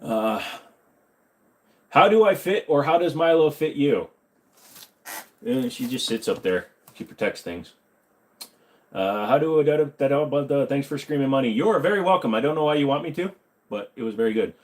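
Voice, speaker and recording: A man's voice: mid-range voice, expressive, moderate pace, pauses often. A man hosting a casual livestream Q&A, reading chat questions aloud, joking and rambling, correcting himself as he goes. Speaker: host.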